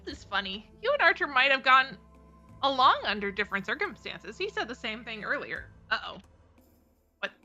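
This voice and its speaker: Brief: woman, high and very bright, giggly reader in a casual group reading. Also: very animated, moderate pace, lo-fi sound, faint music behind. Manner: giggly, stumbles over words. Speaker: voice reader on a stream. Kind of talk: group script reading on a stream.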